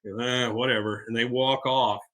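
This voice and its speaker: Bright-voiced man recapping casually. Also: medium pitch, fairly even intonation, normal speed. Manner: retells scenes with filler "uh"s and side jokes. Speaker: podcast co-host.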